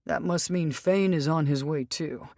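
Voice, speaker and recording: A woman's voice: low voice, unhurried, mellow, dry recording, studio quality. A woman doing a terse male werewolf. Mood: calm. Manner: curt and matter-of-fact. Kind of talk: audiobook character reading.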